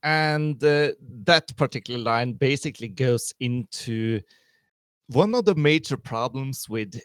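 A man co-hosting a podcast, talking in a measured, reflective, wry way. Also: mid-range voice, clear, resonant tone, no room sound, studio quality. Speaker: podcast co-host. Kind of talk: casual podcast discussion.

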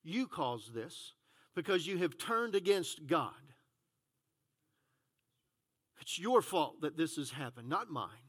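A preacher voicing a bold, defiant male prophet in a lowered, firm retelling voice. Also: very animated, slow pace, long pauses, a bit bright, breathy edge, full character voice.

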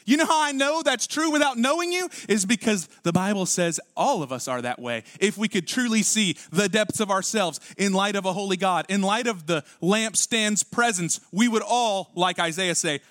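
Man, pastor, sermon, high voice, dry sound, animated delivery. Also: brisk, no echo. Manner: animated preaching with sudden drops to quiet and acted-out voices.

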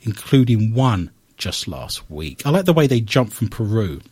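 Man, radio talk show host, husky tone, lively rising and falling delivery, wry storyteller. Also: fairly low pitch, normal speed. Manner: animated storyteller with wry asides.

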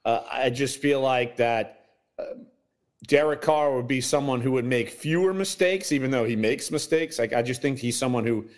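A man's voice: mid-range voice, moderate pace. A man who writes about sports, a guest on a podcast, breaking down football in casual chat with many hedges and restarts. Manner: hedging, many fillers and restarts.

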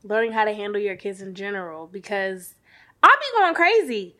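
A woman's voice: mid-range voice, very animated, normal speed, bright, forceful tone. A woman who is a mother, talking bluntly and animatedly in a casual chat among friends. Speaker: mother of sons.

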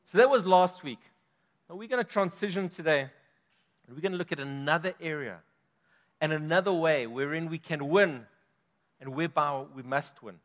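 A man's voice: on the high side, normal speed. A man preaching a sermon as pastor, emphatic, with his volume swelling and dropping. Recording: long reverb of a large hall.

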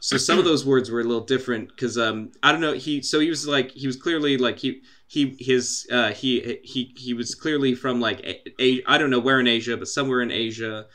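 A man's voice: mid-range voice, a little fast, few pauses, a bit bright. A young man co-hosting a casual podcast, rambling through stories with restarts and crude humor. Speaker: podcast co-host. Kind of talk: casual podcast chat, storytelling.

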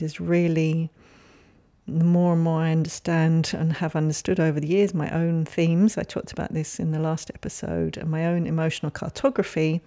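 A woman hosting a solo podcast, speaking in a gentle, caring and reflective way. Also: deep voice. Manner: gentle, soft-spoken, caring. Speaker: podcast host.

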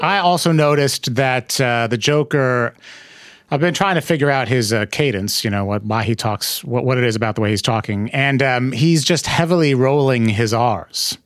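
A man co-hosting a casual podcast chat, wry and teasing, sometimes trying quick impressions. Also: medium pitch, no echo, clean studio sound. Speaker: podcast co-host.

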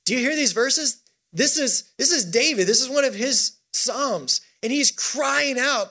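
A man preaching as a youth pastor, energetic and exhorting, leading a congregation through a call-and-response scripture reading. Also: very high voice, a little slow. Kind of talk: sermon.

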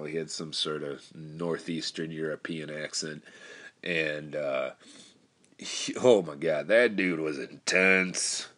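A young man with a very low, deep voice tells a story casually and candidly. He rambles, restarts his sentences and swears now and then. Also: fairly bright tone. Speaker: storyteller recounting personal experience.

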